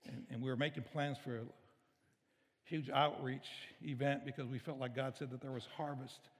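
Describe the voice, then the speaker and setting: Emotional preacher in echoing hall. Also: male voice, mid-range voice, steady tone, normal speed. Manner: emotional, storytelling, conversational preaching. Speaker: pastor. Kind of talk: sermon. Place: church sanctuary. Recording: reverberant church hall.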